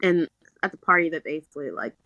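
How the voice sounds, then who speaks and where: A young woman with a fairly low voice, casually recapping a book on a podcast. She tells it in an animated way and slips into short character quotes. The sound is dry and close. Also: fast, dry recording, dull audio. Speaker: podcast co-host.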